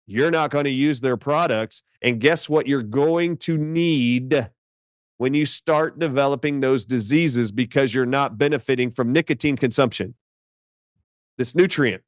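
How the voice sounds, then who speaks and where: A man speaking as a doctor guest in an interview, telling stories in an emphatic, animated way. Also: medium pitch, no echo, clean studio sound.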